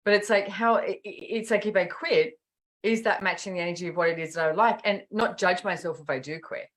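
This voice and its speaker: A woman's voice: fairly low pitch, fairly quick. A middle-aged woman, chatting casually as a podcast host and acting out quotes as she tells stories. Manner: animated storytelling with acted-out quotes. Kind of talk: casual chat.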